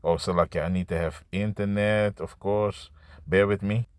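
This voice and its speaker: A man preaching an improvised scripture sermon to camera. He talks in a halting, repetitive way, restarting words and tagging lines with "man" and "you see.". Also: sits low, fairly even intonation, no room sound. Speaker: street-style preacher.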